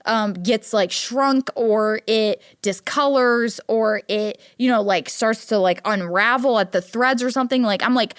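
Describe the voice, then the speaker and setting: A young woman from Ohio hosting a casual solo podcast, talking in a chatty, animated way, full of "like" and acting out quotes in a higher voice. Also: a little slow, few pauses, clear, resonant tone, no room sound, clean studio sound. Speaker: podcast host.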